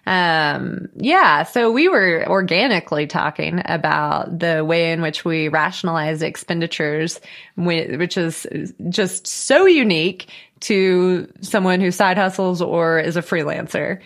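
A woman's voice: lowish voice, unhurried, fairly bright tone. A woman co-hosting a casual podcast with her brother, chatty and laughing often. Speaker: podcast co-host. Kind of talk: casual chat.

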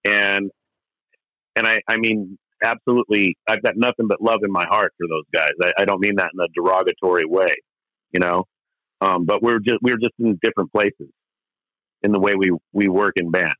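A man's voice: deep voice, steady tone, normal speed, sharp tone, no echo, poor audio. Candid rambling male musician. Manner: rambling, many restarts and fillers, candid and profane. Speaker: interview guest, musician. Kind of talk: casual storytelling interview.

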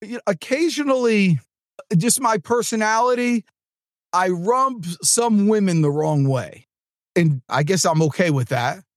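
A man hosting a sales podcast, talking in an energetic, rambling, chatty way with asides to his producer. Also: sits high, a little slow, dry recording, clean studio sound. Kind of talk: casual motivational monologue. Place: studio.

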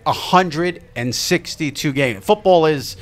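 A man hosting a casual interview, asking quick questions and pushing back on his guests' answers. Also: fairly high pitch. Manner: brisk, pushes back on guests.

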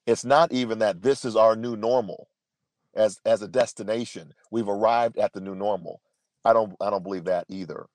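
A man's voice: fairly low pitch, fairly even intonation, moderate pace, darkish tone. A man in his fifties, a podcast guest, telling a personal story in an earnest, emphatic way, often restarting his sentences. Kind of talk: storytelling interview answer.

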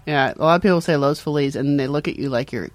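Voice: medium pitch, racing, dry recording. A co-host chatting casually, asking lots of curious questions. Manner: inquisitive, chatty. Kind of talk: casual chat.

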